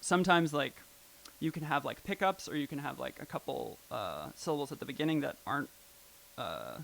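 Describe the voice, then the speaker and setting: A man's voice: a little high, creaky, a bit bright, a little hiss or hum, low-quality recording. A man giving a casual live talk at a poetry and technology evening, loose and chatty with many fillers. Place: live event venue.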